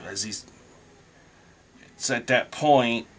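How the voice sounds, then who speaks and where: A man's voice: mid-range voice, a bit bright, a little hiss or hum. A man narrating his solo tabletop role-playing game, thinking aloud as he rolls dice. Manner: slow, thinking aloud while rolling dice.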